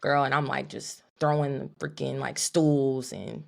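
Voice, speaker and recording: A young woman co-hosting a podcast, telling an animated, profane story in a casual chat. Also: extremely low pitch, a little slow, creaky. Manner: animated, profane, talks to her co-host as "girl". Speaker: podcast co-host.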